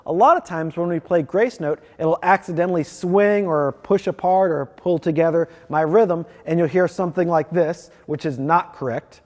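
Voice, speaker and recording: A man's voice: a little high, moderate pace, few pauses, darkish tone. Methodical man teaching in a reverberant room. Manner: clear, methodical explaining. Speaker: percussion teacher. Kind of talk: instructional demonstration.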